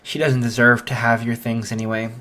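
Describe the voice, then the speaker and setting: A man voicing a warm, motherly woman in a read-aloud fan story, apologetic and halting, with many fillers. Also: medium pitch, flat delivery, natural voice.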